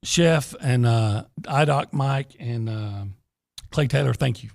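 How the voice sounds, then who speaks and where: A man's voice: mid-range voice, slow, vocal fry, a little mellow, dry recording. A man co-hosting a sports radio show, rambling in easygoing, self-deprecating banter from the studio. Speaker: radio co-host.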